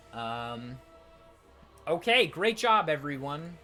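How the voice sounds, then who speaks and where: A man narrating a tabletop game as game master, rapid and animated with many fillers. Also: on the high side.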